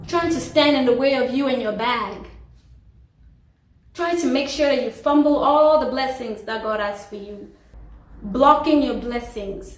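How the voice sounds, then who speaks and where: A woman vlogger candidly telling a personal story about a friend, emphatic and faith-filled. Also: a little high. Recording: roomy echo, distant mic.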